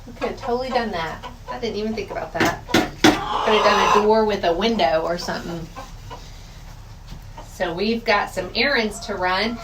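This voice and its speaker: A vlogger chats casually to her viewers and chickens by a coop in the rain, homey in tone, while chickens cluck, a rooster calls and outdoor noise runs loud. She has a mid-range voice at a moderate pace, pausing often, and the distant mic gives a roomy sound.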